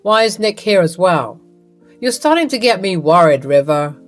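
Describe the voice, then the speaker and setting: A woman's voice: lowish voice, lively intonation, moderate pace, faint music behind, lightly acted. A woman voicing a worried, earnest husband in a narrated story. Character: worried husband, man, apologetic.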